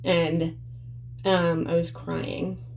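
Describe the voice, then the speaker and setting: A woman's voice: lowish voice, level tone, extremely slow, creaky, darkish tone. A young woman telling a personal story to her viewers in a blunt, profane, conversational way. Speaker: vlogger. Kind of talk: candid storytelling vlog.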